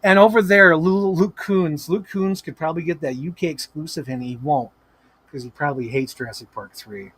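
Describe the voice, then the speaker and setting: A man hosting a toy-collecting live stream at home, telling stories in a casual, animated way with lots of swearing and laughter. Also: on the high side, normal speed, breathy edge. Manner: animated, profane, laughing storyteller. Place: home room with toy shelves.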